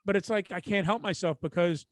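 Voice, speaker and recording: A man's voice: high voice, brisk, dry recording. A man with a Brooklyn accent co-hosting a podcast, telling stories in casual chat, swearing freely and acting out both sides of conversations. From Brooklyn, New York. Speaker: podcast co-host.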